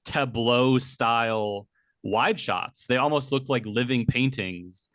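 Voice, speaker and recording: A man with a middle-pitched voice hosts an interview, laying out long, carefully built questions. His voice sounds dry and close, with no room around it. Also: slow, a bit bright, dry recording. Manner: articulate, long detailed questions. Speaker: interviewer host.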